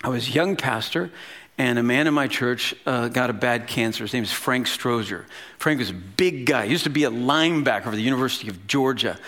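A pastor in his fifties tells a story during a sermon, conversational and animated, dropping in casual asides. His voice is mid-range and a little fast.

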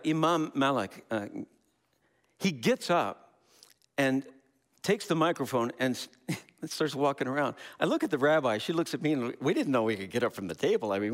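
A man, a Christian pastor, preaching a sermon. He tells a story and lifts his voice when he quotes others. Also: medium pitch. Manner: animated, slips into quoted voices.

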